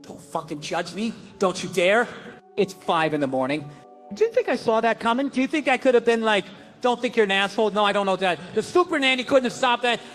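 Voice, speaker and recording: A man's voice: sits high, brisk, faint music behind. A man telling a profane stand-up story about his kids, acting out the people in it. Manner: profane, animated storytelling with acted quotes. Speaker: stand-up comedian.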